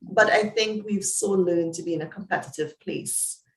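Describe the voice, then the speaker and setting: A Trinidadian woman, a psychologist, talks in an interview as an animated storyteller, laughing and jumping up and down in pitch. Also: moderate pace, roomy sound, rough recording. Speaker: psychologist guest. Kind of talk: conversational interview.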